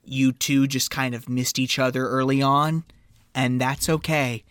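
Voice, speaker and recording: A woman co-hosting a casual podcast chat, loud and excitable, swearing freely and laughing often. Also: extremely low pitch, measured pace, no echo, studio quality. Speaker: podcast co-host.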